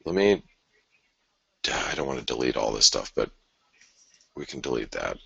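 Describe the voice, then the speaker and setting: A man's voice: very deep voice, sing-song, normal speed, gravelly, a bit bright, slightly rough, no room sound, muffled recording. A man hosting a live forex chart analysis, thinking aloud in a conversational way with sighs and restarts. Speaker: forex market analyst host.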